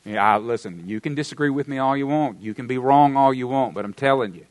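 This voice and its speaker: A man's voice: quick pace, dry recording. Middle-aged Southern American male pastor, emphatic sermon delivery, dry close sound. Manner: emphatic preaching with wide swings in pitch and volume, Southern humor.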